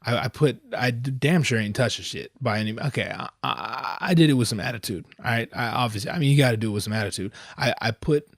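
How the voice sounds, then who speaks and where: A man hosting a podcast, telling a comic story in a profane, slangy, animated way, jumping from loud outbursts to low asides. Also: fast, few pauses, dry recording, studio quality. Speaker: podcast host.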